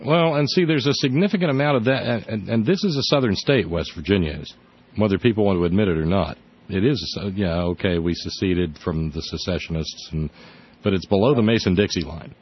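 A man's voice: deep voice, brisk, husky. A man hosting a radio talk show, speaking in an earnest, conversational way with frequent restarts. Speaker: radio host. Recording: dull lo-fi radio audio.

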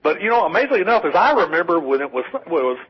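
A fairly high-voiced man rambles through casual political talk on a call-in radio show, stumbling over restarts and dropping wry asides. His voice is husky, and the broadcast sounds dull and lo-fi. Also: very animated, racing. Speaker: call-in co-host.

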